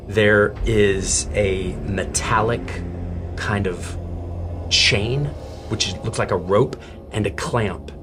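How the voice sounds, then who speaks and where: A man narrating a tabletop game as game master, telling the story dramatically with halting restarts. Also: fairly low pitch.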